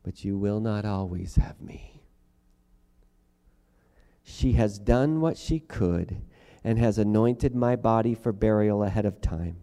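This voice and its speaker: A man preaching a sermon, reading scripture and then preaching dramatically, swinging from quiet passages to loud, forceful ones. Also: on the low side, slow, big-room sound. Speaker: pastor.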